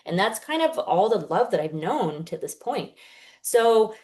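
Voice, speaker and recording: A woman's voice: medium pitch, big pitch swings, a little slow, a little mellow. A woman in her thirties, a guest healer on a podcast, explaining earnestly and acting out the inner voices she describes. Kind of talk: casual podcast interview.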